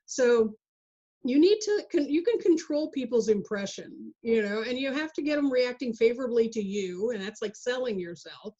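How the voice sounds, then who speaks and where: A woman presenting an online workshop lecture over a video call, chatty and jokey with animated asides. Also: a little high. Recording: dull lo-fi video call audio.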